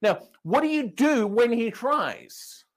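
A man's voice: very high-pitched, lively intonation, slow pace. A man preaching a sermon, emphatic and questioning, repeating and restarting words as he drives his points home.

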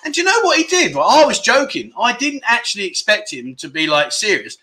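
A man's voice: sits high, wildly swooping pitch, fairly quick, bright, forceful tone. A man hosting a livestream, chatting casually and teasing viewers as he reads their comments. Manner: cheeky, teasing banter. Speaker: livestream host.

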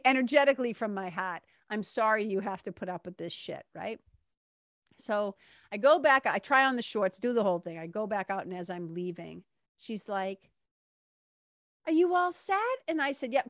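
A vlogger with a slightly high voice tells a story casually and candidly, swearing now and then and acting out what other people said. The sound is clean studio audio without echo.

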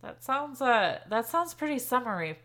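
A woman co-hosting a podcast in casual chat, with a dry, sarcastic humor and a habit of laughing and filling pauses. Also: on the high side, sing-song, bright, forceful tone. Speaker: podcast co-host. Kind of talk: casual chat over drinks.

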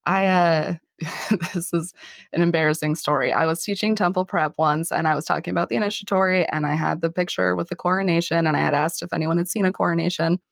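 A woman's voice: lowish voice, fairly even intonation, fast, vocal fry, dry recording, studio quality. A woman hosting a casual religious podcast, chatty and self-deprecating, often laughing as she talks. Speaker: podcast host.

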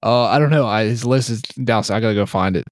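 A man's voice: lowish voice, quick pace, no echo, clean studio sound. A man co-hosting a casual college football podcast, laughing often and breaking into mock rants. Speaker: podcast co-host. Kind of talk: casual sports podcast chat.

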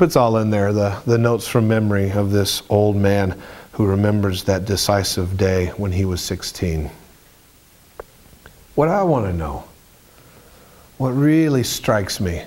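A man preaching a sermon in an animated, storytelling way, with colloquial asides and frequent restarts. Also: medium pitch.

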